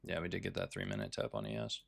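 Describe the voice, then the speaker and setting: Gravelly, laid-back swearing trader. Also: male voice, deep voice, very animated, fast, a bit bright, no room sound. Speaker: day trader. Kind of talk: casual live trading commentary.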